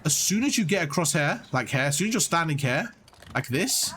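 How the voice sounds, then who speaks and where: A young man giving blunt, animated coaching on gameplay, swearing freely as he explains. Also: fairly high pitch, brisk. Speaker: gaming coach. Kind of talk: casual coaching over gameplay.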